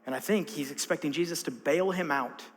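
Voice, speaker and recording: A man's voice: fairly high pitch, normal speed. A male pastor preaching a sermon in a conversational way, stressing points by repeating them. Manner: conversational, emphatic repetition. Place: church sanctuary. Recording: long reverb of a church hall.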